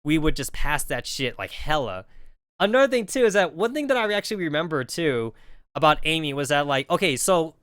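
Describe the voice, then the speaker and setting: A man's voice: fairly high pitch, sing-song, a little fast, fairly bright tone, smooth, no room sound. A man streaming and telling a rambling story with lots of fillers, on a close mic. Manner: rambling, filler-heavy, jumps between voices. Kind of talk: casual storytelling.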